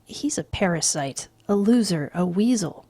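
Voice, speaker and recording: A woman's voice: on the low side, expressive, normal speed, dark tone, dry recording. A woman voicing a scornful, gossipy young yuppie man.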